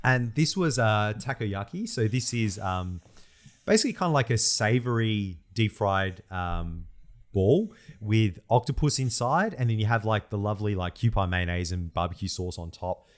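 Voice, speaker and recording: A man's voice: lowish voice, normal speed. A young man co-hosting a casual podcast chat, laughing often as he talks. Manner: laughs often, animated, says "mate" a lot. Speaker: podcast co-host.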